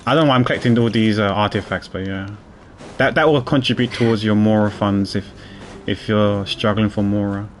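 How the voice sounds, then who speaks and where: A man's voice: fairly low pitch, steady tone, fairly quick, a little hiss or hum. A man streaming a game, chatting casually in a rambling way, repeating his words and chuckling. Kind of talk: casual gameplay commentary.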